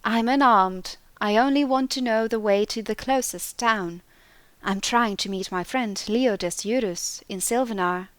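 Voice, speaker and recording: A woman's voice: on the high side, unhurried, dry recording, close to an everyday voice. A woman voicing a lost, courteous male clerk who speaks earnestly.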